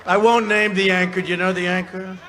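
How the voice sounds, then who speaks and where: A man's voice: high-pitched, flat delivery, brisk. A man giving a rally speech from a podium microphone, boastful and mocking, with rambling asides. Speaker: political speaker at a rally. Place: outdoor campaign rally before a large crowd. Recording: loud cheering crowd behind the speaker. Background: crowd noise and cheering.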